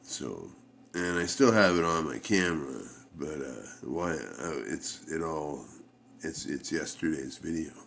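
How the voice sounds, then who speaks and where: Middle-aged vlogger, slow rambling talk, faint hiss behind, recorded at home on a camera mic. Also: male voice, a bass voice, lively intonation, vocal fry, fairly bright tone. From Canada. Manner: rambling, halting, many fillers and restarts. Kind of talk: casual rambling vlog.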